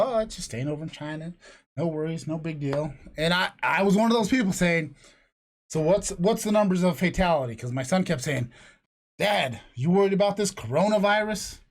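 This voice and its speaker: A middle-aged man hosts a casual podcast from a room at home, telling rambling, profane stories. His voice sits a little high for a man. He talks from a separate room from his co-host.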